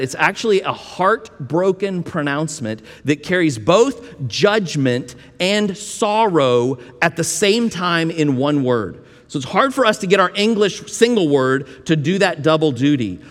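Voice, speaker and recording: Man, pastor delivering a chatty sermon with homespun asides; fairly high voice, echoing church hall. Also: a bit bright. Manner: conversational preaching with folksy asides and frequent restarts. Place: church sanctuary. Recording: long reverb of a church hall.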